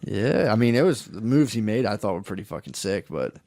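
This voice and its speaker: A man co-hosting a podcast, reacting with quick, swearing interjections and telling his own anecdotes in casual chat. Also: on the low side, very animated, creaky, warm tone, no echo, clean studio sound. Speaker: podcast co-host.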